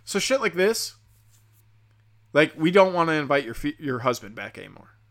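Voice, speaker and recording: A man's voice: fairly high pitch, big pitch swings, moderate pace. A young man, tipsy from drinking, rambling through a profane comedic rant with lots of fillers. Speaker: comedian and podcast host.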